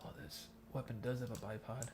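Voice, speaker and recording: A young man from the Miami area talks on a gaming headset while he plays, spilling a painful personal story. His delivery is rambling and profane, full of fillers and restarts, with a flat, level pitch. A faint computer hum sits under his voice. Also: a little fast. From Miami area, United States. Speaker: gamer in voice chat, active soldier. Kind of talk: casual storytelling during gameplay.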